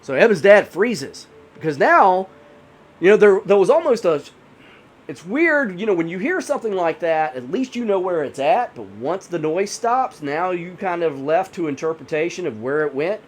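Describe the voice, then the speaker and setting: A man's voice: sits high, big pitch swings, moderate pace. A man telling a horror story in a casual, rambling way, full of "you know" fillers. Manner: rambling, many 'you know' fillers.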